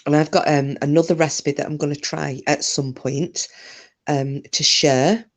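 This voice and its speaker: A woman's voice: sits low, flat delivery, normal speed. Chatty British woman hosting a live stream. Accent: British English. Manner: rambling, chatty, answers viewer comments by name. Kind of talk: casual live-stream chat.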